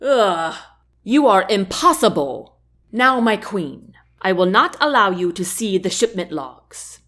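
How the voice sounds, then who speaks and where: A woman's voice: medium pitch, animated, slow pace, pushed and bright, full character voice. A woman voicing a smug, condescending male chancellor in a storybook reading, with a haughty, dismissive manner.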